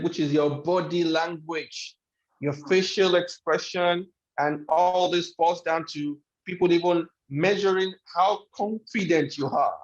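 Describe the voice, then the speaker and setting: High-voiced man lecturing emphatically. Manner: emphatic, repeats key phrases for effect. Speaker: webinar speaker on life skills. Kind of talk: motivational lecture. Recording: echoey room, dull lo-fi sound.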